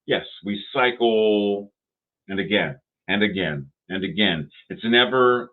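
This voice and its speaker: A man giving a sermon, deliberate and repetitive, asking rhetorical questions. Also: fairly low pitch. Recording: tinny phone-like sound.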